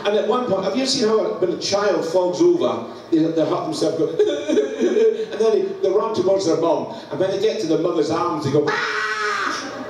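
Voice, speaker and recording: Laughing Scottish preacher in an echoey church. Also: male voice, high voice, animated, a little fast, few pauses, darkish tone. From Scotland. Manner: laughs through his story, acts out sounds. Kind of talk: humorous sermon storytelling. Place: church hall. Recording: echoey church, distant mic, background noise.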